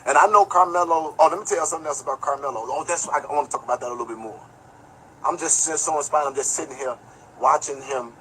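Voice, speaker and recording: A man's fast, bright, forceful voice, a little high in pitch, delivers casual livestream commentary as he tells a rambling, swear-laden story. He speaks right to his viewers and reads chat aloud; the rough recording has slight background noise.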